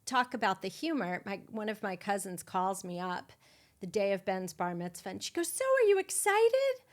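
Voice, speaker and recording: A middle-aged woman hosting a podcast, telling a raw, emotional personal story with blunt swearing and dark humor. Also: medium pitch, steady tone, normal speed. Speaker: podcast host. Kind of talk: candid conversational storytelling.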